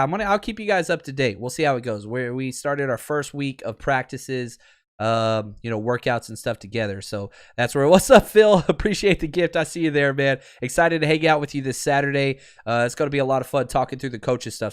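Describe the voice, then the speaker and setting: A man's voice: mid-range voice, clean tone. A man hosting a fan podcast on a livestream, ranting with heat about his team and then answering chat in a looser, easy way. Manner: fired-up, animated fan ranting, then laid-back reading of chat. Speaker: podcast host; high school football coach. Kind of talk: livestream podcast talk with chat shout-outs.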